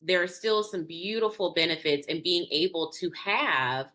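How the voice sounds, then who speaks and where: A woman hosting a podcast speaks in a low voice with a bright, forceful edge. She affirms her guest emphatically as they chat casually. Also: moderate pace. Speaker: podcast host. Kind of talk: casual conversation.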